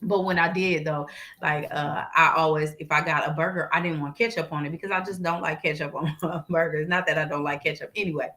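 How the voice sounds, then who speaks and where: Bright-voiced woman telling a story. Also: low voice, a little fast. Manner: animated, laughing, swears freely. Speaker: co-host. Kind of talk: casual chat with storytelling.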